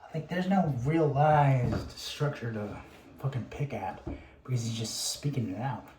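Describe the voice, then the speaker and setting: A man's voice: medium pitch, measured pace, darkish tone. A man rambling through a casual monologue, swearing freely and sighing between thoughts. His voice sits in the middle of the male range. The room is roomy and echoey, with a faint hum of ambience behind him. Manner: profane, rambling, frequent sighs and restarts.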